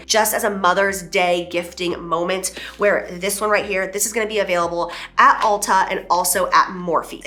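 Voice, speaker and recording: A woman in her thirties talks through a beauty collection with a casual, gushing delivery. Her voice is bright and forward, and she leans hard on emphasis as she goes. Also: medium pitch. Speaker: beauty vlogger and brand owner. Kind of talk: casual product presentation.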